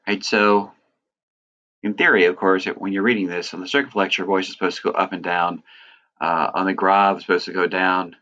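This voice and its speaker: A man teaching a lesson, talking through examples in a relaxed, explaining way with lots of "uh" and "right". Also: low-pitched, brisk, dull audio. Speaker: Greek teacher. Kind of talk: recorded lecture.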